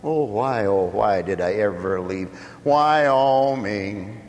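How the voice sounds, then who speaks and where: A preacher putting on a whiny, indignant traveler. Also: male voice, fairly low pitch, slow pace, a little mellow, pitched below the performer's own voice. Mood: lamenting. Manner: whiny, exasperated complaining. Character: grumbling, indignant ancient traveler man. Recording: long hall reverb.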